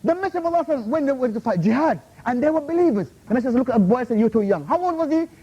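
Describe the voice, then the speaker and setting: A man's voice: extremely high pitch, lively intonation, rapid-fire, warm tone, breathy edge. A man, an invited Islamic speaker, confronts a questioner in a university room, scolding him and demanding answers with repeated "Huh? How?", and he mixes Arabic terms into his English. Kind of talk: heated Q&A rebuttal. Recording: muffled lo-fi recording.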